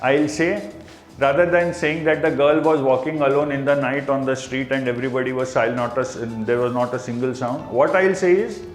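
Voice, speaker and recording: A man with an Indian accent teaching a class, explaining slowly and repeating key terms. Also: medium pitch, fairly even intonation, roomy sound, soft background music. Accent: Indian English. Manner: explains slowly with repetition, mixing in Hindi asides. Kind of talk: classroom lecture.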